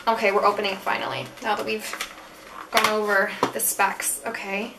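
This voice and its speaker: A woman's voice: medium pitch, little pitch movement, moderate pace, gravelly, far from the mic, very noisy. A young woman reviewing beauty products in a casual chat, frank and full of fillers. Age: young adult. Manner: chatty, frank, many fillers. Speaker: beauty vlogger. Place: room at school.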